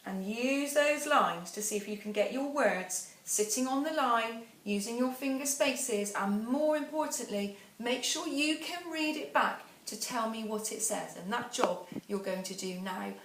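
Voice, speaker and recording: A woman teacher leads a phonics lesson at an unhurried pace, counting down and sounding out each word with patience. Her voice sits a little back from the microphone in a reverberant room, with faint noise behind it. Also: a little high, animated, fairly bright tone. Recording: echoey room, voice a bit far from the mic, faint background noise.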